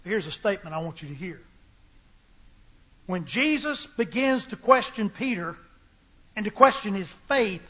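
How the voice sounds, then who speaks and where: High-voiced, emphatic male preacher. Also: expressive, normal speed, long pauses, fairly bright tone, husky. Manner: emphatic, repetitive preaching cadence. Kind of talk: sermon.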